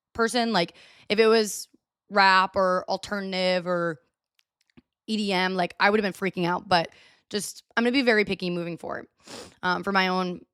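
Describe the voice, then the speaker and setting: A young woman hosting a podcast, telling a story in a chatty, animated way with lots of filler words. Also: medium pitch, clean tone, no room sound, studio quality. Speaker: podcast host. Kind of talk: casual storytelling monologue. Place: US (Texas area).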